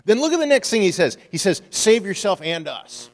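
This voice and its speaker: A man who is a pastor, preaching a sermon and moving from quiet, hushed stories to loud, emphatic passages. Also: high voice, very animated, brisk, big-room sound.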